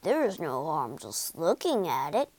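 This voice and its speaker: A woman voicing a boastful, reckless male toad who talks in giddy, loud swings. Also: medium pitch, huge pitch swings, takes it slowly, dry recording. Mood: smug.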